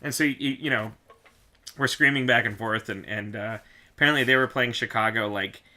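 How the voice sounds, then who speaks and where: A man hosting a podcast, chatting casually and telling lively stories. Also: medium pitch, normal speed. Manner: animated storyteller, shouts in re-enactments. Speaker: podcast host. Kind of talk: casual chat.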